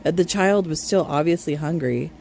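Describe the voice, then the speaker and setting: A woman's voice: sits low, normal speed, gravelly, a little mellow, soft background music. A woman hosting a reaction channel, cutting in with blunt, scornful, sarcastic remarks. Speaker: commentary channel host.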